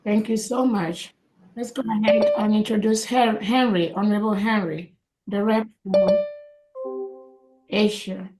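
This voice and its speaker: A woman's voice: medium pitch, fairly even intonation, measured pace, long pauses, loud music behind the voice, poor audio. A woman moderating an online meeting, politely calling on speakers to introduce themselves.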